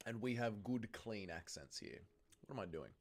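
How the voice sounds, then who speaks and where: Joking Australian livestream host. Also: male voice, fairly low pitch, normal speed. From Melbourne, Australia. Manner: joking, crude, lively banter with chat. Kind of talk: casual livestream chat, reading viewer comments.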